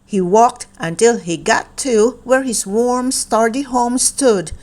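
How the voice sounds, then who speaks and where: Storybook reader, woman, calm deliberate read-aloud at a very unhurried pace. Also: on the high side. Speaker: children's book reader.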